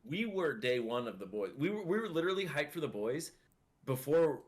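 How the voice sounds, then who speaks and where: A man's voice: a little high, fairly quick. A young man co-hosting a podcast, joking and teasing his friend in casual chat. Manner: teasing, animated, jokey. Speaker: podcast co-host.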